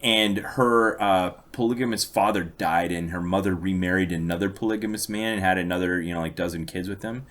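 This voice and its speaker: Man, podcast co-host, deep voice, dry storyteller. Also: fairly even intonation, brisk, hardly any pauses, fairly bright tone. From United States. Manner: long anecdotes told with dry amusement. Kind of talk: casual chat, storytelling.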